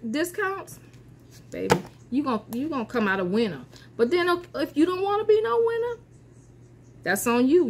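A woman's voice: mid-range voice, slight background noise. Folksy older woman chatting to viewers. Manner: folksy, calls viewers honey and baby, talks of herself as boss lady. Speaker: haul vlogger hosting a giveaway drawing. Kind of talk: casual chat to viewers.

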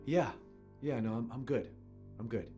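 An actor voices a shaken young husband in a horror game who stammers and halts. Guitar music plays clearly behind his mid-pitched voice. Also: lo-fi sound, lightly acted. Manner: halting, stammering. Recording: game dialogue over music.

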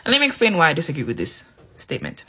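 A Jamaican vlog host with a Jamaican accent, reacting to a clip and arguing a point in casual, animated commentary. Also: medium pitch, rapid-fire, a little hiss or hum. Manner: argumentative, explanatory, animated.

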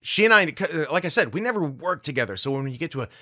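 A man, a guest voice actor, telling a story in a casual interview, animated and swearing freely. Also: fairly high pitch, quick pace, no room sound, studio quality.

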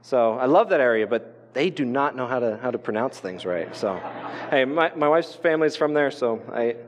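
A man's voice: mid-range voice, lively intonation, normal speed, in a large hall, a little hiss or hum. A man in his role as pastor preaching a sermon in a casual, conversational way, with asides and restarts, from northern Colorado. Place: church sanctuary.

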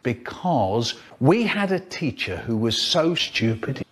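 A man telling a comic story with an animated, dramatic delivery and drawn-out pauses. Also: mid-range voice, husky.

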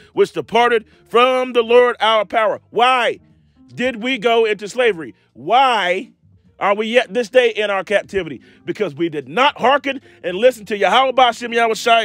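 A man preaching an impromptu scripture lesson, reading verses slowly and mixing in street slang and blunt asides. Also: sits high, a bit bright, no room sound. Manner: preaching, reads scripture slowly and drawls key words; street slang, repeats himself, laughs at his own jabs.

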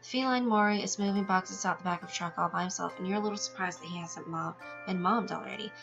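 A woman's voice: fairly low pitch, quick pace, vocal fry. A woman reading a text game aloud with her own asides, now and then tripping over words and laughing at herself. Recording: dull lo-fi sound with music behind.

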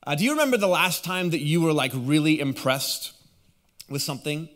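A man's voice: on the high side, sing-song, a little fast, a bit bright. A young adult man preaching a sermon as a guest pastor, drawing the congregation in and having them repeat phrases back. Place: church auditorium.

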